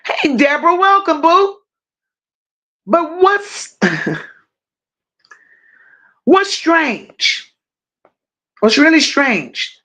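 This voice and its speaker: Slow, high-voiced woman ranting on a livestream. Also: big pitch swings, bright, forceful tone. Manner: emphatic, confrontational ranting, drawn-out stresses. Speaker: livestream commentary host. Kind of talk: live-stream true-crime commentary, reading super chats.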